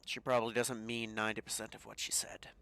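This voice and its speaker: A man's voice: lowish voice, level tone, fast talker, gravelly, bright, forceful tone, clean tone, dry recording. A man playing in a tabletop game, chatting casually and joking. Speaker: player.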